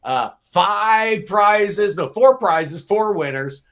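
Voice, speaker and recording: Higher-voiced chatty male host. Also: animated, drawn-out words, fairly bright tone. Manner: chatty, teasing, upbeat. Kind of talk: casual live-stream panel chat.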